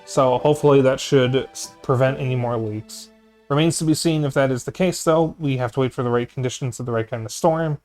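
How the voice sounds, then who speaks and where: A man's voice: medium pitch, fairly quick, a little mellow. A man streaming a video game, chatting casually and tiredly, with some swearing. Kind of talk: casual let's-play chat. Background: game music.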